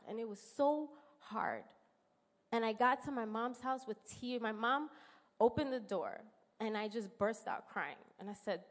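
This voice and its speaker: A woman in her thirties with a New York accent, giving an earnest, emotional personal testimony in church. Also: fairly high pitch. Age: 30s. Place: church sanctuary. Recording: long hall reverb in church.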